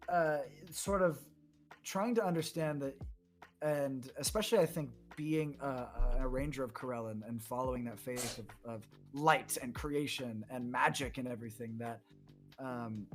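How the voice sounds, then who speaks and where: A man on a casual tabletop podcast, talking slowly and haltingly with many fillers as he searches for words. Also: medium pitch, soft background music. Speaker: podcast host and player. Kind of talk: casual chat.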